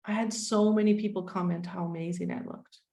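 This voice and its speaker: A woman in her forties, a guest speaking candidly and wryly in a relaxed conversation. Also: lowish voice, fairly quick. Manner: frank, wry, self-deprecating.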